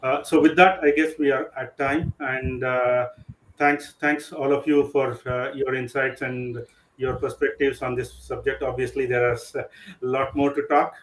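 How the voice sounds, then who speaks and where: A man moderating a panel discussion in a relaxed way, with joking asides. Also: mid-range voice, normal speed, echoey room, slight background noise, low-quality recording.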